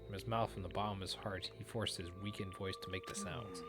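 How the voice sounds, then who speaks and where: A man's voice: on the low side, steady tone, quick pace. A man streaming a video game, reading its dialogue aloud with casual comments. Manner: casual, reads text in hushed narration. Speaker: let's play streamer. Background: game music.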